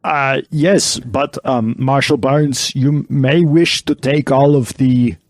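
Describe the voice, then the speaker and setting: A man playing in a tabletop game, speaking politely and drily with a halting delivery. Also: medium pitch, fairly even intonation, dry recording, clean studio sound. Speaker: player. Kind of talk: tabletop role-play.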